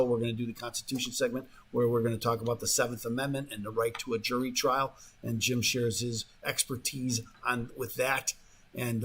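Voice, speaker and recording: A man's voice: mid-range voice, a bit bright. A man hosting a talk radio show, rambling in a casual monologue full of fillers and restarts, sometimes mocking the voices of the people he quotes, in a radio studio.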